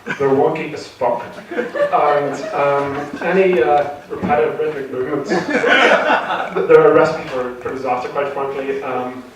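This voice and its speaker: A man's voice: a little high, steady tone, measured pace, a crowd in the background. A man doing his first stand-up comedy set, nervous and rambling, full of fillers and restarts. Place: theatre stage with a live audience. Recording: echoey hall recorded from far off.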